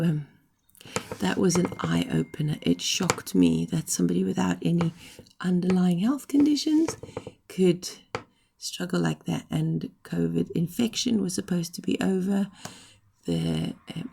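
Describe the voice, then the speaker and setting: A middle-aged woman recovering from illness, talking casually to camera, hoarse and short of breath, rambling and apologetic. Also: fairly low pitch, very animated, normal speed, warm tone, slight background noise. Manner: rambling, apologetic, frequent ums.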